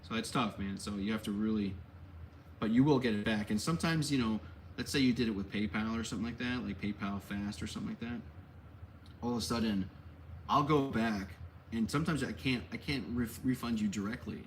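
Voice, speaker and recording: A man's voice: lowish voice, brisk, a little hiss or hum. A man hosting a casual Q&A for his collectibles shop, rambling and correcting himself as he goes, with easygoing slang. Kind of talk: casual livestream Q&A.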